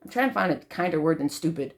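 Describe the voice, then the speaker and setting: A woman talking straight to camera in an emotional personal monologue, swearing often, repeating herself, and swinging from loud outbursts to soft, quiet pleading. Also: low voice, lively intonation, quick pace. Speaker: vlogger.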